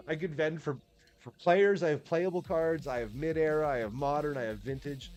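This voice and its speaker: A man's voice: a little high, normal speed, a little mellow, soft background music. A man chatting casually on a livestream, laid-back and swearing freely, often restarting his sentences. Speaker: streamer.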